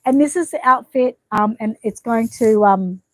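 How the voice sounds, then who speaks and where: An Australian woman chatting casually at home as she shows off outfits, rambling and often dropping to a hushed voice. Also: fairly high pitch, moderate pace, no echo. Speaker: vlogger showing reborn dolls. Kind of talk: casual show-and-tell chat. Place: home bedroom.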